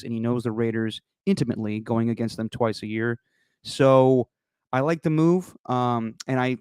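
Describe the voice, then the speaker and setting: A man's voice: mid-range voice, darkish tone, smooth, no room sound, studio quality. A man co-hosting a podcast in easygoing, upbeat casual sports chat. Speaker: podcast co-host.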